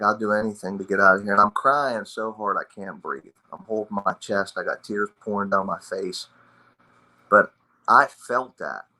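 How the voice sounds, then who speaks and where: A man's voice: on the low side, sharp tone, rough recording. A man who is a military veteran in recovery, telling his story of addiction and hope in a raw, blunt, emotional way, swearing often. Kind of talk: personal recovery testimony.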